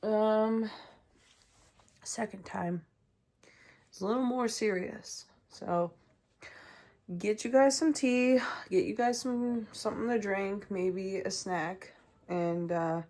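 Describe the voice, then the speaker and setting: Woman host, young adult, unhurried personal storytelling, chatty with fillers, mid-pitched. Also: a little mellow. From Canada. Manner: casual and chatty, many ums, acts out voices. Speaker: podcast host.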